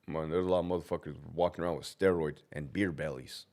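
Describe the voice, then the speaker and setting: A man's voice: a bass voice, steady tone, fast talker, darkish tone. A man who works as a prison officer, chatting on a live stream and answering viewers bluntly with constant swearing. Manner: talks back to viewers' comments. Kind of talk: casual live-stream chat.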